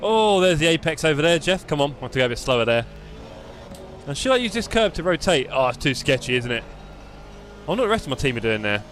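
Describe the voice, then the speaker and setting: An English man with a fairly high, fairly bright voice talks fast with big pitch swings, and there's a little hiss or hum. He's driving a racing sim on live stream, chatty and joking with his viewers through a desktop USB mic.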